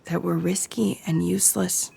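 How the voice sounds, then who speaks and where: A woman voicing an ill, feverish teenage girl with a hoarse, hushed, breathy voice. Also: fairly low pitch, flat delivery, normal speed, exaggerated voice. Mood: frightened, weak.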